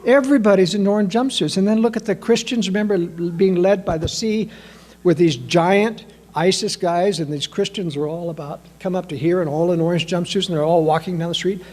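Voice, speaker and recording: Guy with a pretty high voice doing a year-end political analysis, keeps asking the audience pointed questions. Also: brisk. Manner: emphatic, fires off rhetorical questions; addresses listeners as ladies and gentlemen. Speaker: political commentator.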